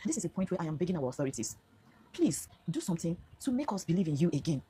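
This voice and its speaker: A woman's voice: lowish voice, sing-song, quick pace, warm tone, breathy edge. A Nigerian woman in her fifties giving an earnest, emphatic personal testimony to camera, now and then slipping into Pidgin phrases. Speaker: vlogger telling her own story.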